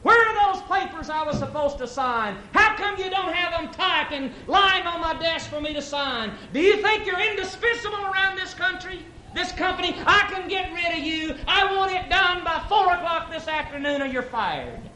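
A man playing a yelling company boss. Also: very high-pitched, expressive, moderate pace, few pauses, echoey room, slight background noise, voice pushed up, heavily acted, poor audio. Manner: yelling, demanding. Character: bossy angry male company boss.

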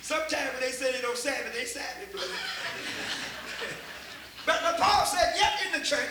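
High-voiced older Texan preacher. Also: male voice, lively intonation, moderate pace, reverberant, very noisy. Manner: folksy storytelling, repeats words, builds to shouts. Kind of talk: folksy sermon.

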